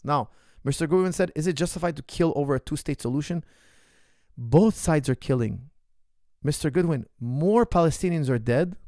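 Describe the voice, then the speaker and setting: A man's voice: on the high side, darkish tone. A man speaks with heated, emphatic conviction, often repeating a phrase to drive it home. His voice sits a little above the usual male range. The recording is dry and close, with no room echo. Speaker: martial arts coach answering viewer questions. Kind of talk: impassioned unscripted monologue.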